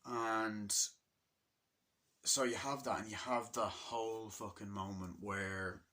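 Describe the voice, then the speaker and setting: A young man giving a casual, rambling movie review, swearing often and filling pauses with ums. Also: on the low side, fairly even intonation, sharp tone. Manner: rambling and profane, full of fillers.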